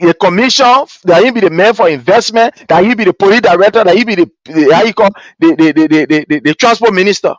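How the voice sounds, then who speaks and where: A man with a Liberian English accent delivers impassioned political commentary in a very high voice. He talks in an animated, repetitive way, often mimicking the people he quotes. The recording is dry and close. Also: dry recording. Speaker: host of a political commentary show.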